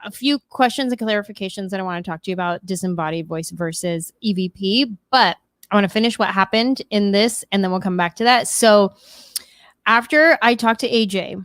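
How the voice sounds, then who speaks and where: A woman's voice: medium pitch, a little fast, a bit bright, dry recording. A woman hosting a podcast, telling a story in casual chat and acting out quotes in exaggerated voices. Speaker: podcast host.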